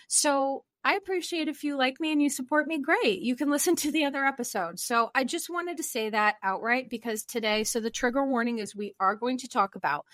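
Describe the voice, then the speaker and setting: A woman's voice: fairly high pitch, a bit bright, no room sound, studio quality. A young woman therapist hosting her own podcast, talking earnestly and rambling a little, with self-deprecating asides. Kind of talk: solo podcast talk.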